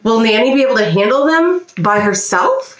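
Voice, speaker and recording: A woman's voice: a little high, very animated, moderate pace. Woman doing a fretful mother dog. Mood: worried. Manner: anxious, self-soothing. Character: worried gentle female mother dog. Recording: roomy echo.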